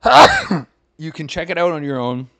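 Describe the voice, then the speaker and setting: A man's voice: fairly high pitch, normal speed, fairly bright tone, clear, resonant tone. A young man hosting a podcast, retelling an online story in a casual, profane, rambling way and scoffing that it is fake. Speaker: comedian podcast host.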